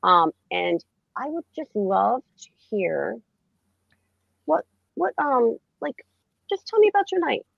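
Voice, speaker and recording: A woman hosts a loose late-night stream chat, rambling and laughing between thoughts. Her voice is gravelly and husky, and it swings up and down a lot. The sound is dull and lo-fi. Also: fairly high pitch, big pitch swings, takes it slowly, pauses often, dry recording. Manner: rambling, laughing, restarts often. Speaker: host. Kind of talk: casual live-stream chat.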